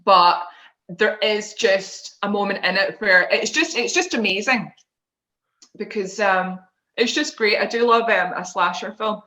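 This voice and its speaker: An enthusiastic, giggly woman chats as a podcast guest. Her voice is bright and sharp, with a middle pitch for a woman. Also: measured pace, rough recording. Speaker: guest, presenter and performer. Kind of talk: casual chat.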